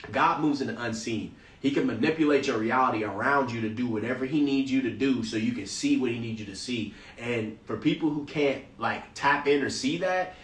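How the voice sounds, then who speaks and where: A man's voice: medium pitch, brisk, hardly any pauses. A man hosting a Bible study, reading scripture aloud and breaking off into loose, slangy commentary. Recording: roomy, distant from the mic.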